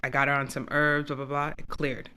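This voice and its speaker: A woman's voice: very deep voice, flat delivery, a little fast, pushed and bright, slight background noise. A woman hosting an interview who speaks in a passionate, emphatic way. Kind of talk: casual interview chat.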